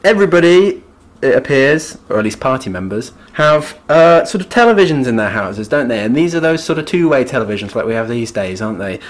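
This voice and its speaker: A British man talking casually as a podcast co-host, with a mid-pitched voice. He keeps things wry and chatty, tacking tag questions onto his remarks. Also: sing-song, a little fast. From Britain. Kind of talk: casual book discussion.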